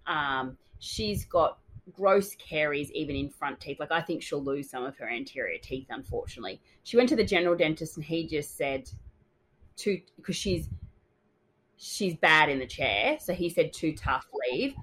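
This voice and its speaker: A young adult woman co-hosting a casual podcast, telling a story with lively quoted dialogue. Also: deep voice, normal speed, poor audio. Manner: animated storytelling, acts out quotes. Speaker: dental hygienist podcast co-host. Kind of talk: casual chat.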